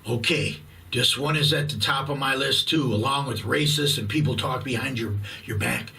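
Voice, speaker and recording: Fifty-something guy ranting, swearing nonstop, bright sharp edge to his voice, bit far off the mic. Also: medium pitch, vocal fry. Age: 50s. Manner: blunt, profane, combative rant with long drawn-out words. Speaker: YouTube host. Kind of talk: profane ranting monologue.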